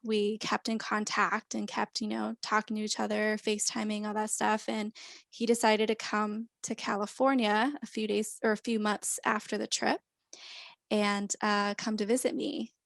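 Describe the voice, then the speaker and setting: An easygoing woman recounts her experiences in a chatty, conversational flow as a podcast guest. Her voice sits at a typical middle pitch. It is recorded close and dry, with no room echo. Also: flat delivery, moderate pace, vocal fry, a bit bright. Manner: chatty, easygoing, laughs between stories. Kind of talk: casual conversational storytelling.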